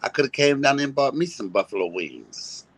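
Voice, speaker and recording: A man's voice: medium pitch, big pitch swings, brisk, slightly rough, no echo, rough recording. A man, ranting to his viewers in a profane, confrontational and mocking way. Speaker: live-streaming commentator. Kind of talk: casual rant to viewers.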